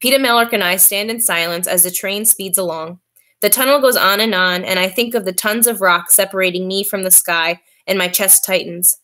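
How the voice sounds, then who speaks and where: A woman reading a novel aloud in a steady, clear voice. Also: medium pitch, a little fast. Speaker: reader.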